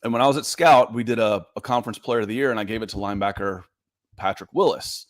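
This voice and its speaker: A man's voice: lowish voice, quick pace, no echo, clean studio sound. A man co-hosting a live sports podcast, telling stories with animation and reading viewer comments aloud. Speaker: podcast co-host. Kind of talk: casual live-stream sports chat.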